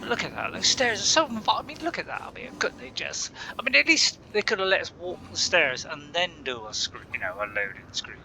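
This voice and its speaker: A man's voice: a little high, big pitch swings, fairly quick, creaky, hardly any pauses, sharp tone, slight background noise. A man rambling casually through gameplay commentary, chatty and laughing often, talking to himself. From Bristol, England. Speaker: gaming channel host.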